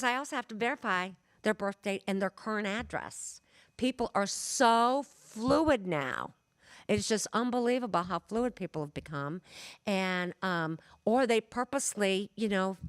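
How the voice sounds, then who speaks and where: Midwestern woman, mid-pitched, chatty lecturer who tells stories, dry recording. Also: clear, resonant tone, dry recording. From Michigan. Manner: chatty, storytelling, with many fillers. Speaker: genealogist lecturer. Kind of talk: conversational lecture.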